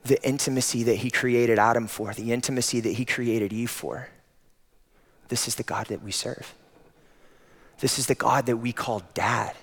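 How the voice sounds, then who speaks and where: A man preaching a sermon, swinging from loud emphatic peaks down to soft, intimate passages. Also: mid-range voice, fairly even intonation, moderate pace. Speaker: pastor. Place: church auditorium.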